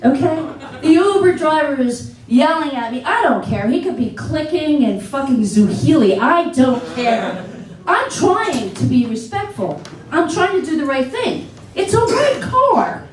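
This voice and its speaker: A woman doing a stand-up set on a comedy theater stage, telling stories with animated exclaimed asides. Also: high voice, unhurried. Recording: echoey theater, distant mic.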